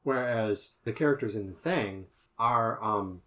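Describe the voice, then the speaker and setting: A man's voice: lowish voice, measured pace, a bit bright. A man co-hosting a podcast, thinking aloud as he analyzes horror films in a casual discussion. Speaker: podcast co-host.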